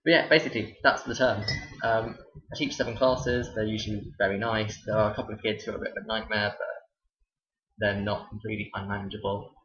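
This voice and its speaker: A man's voice: lowish voice, fairly even intonation, quick pace, fairly bright tone, slight background noise. A young man, a teacher, telling stories casually to camera with a dry, sarcastic delivery. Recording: roomy, dull lo-fi sound.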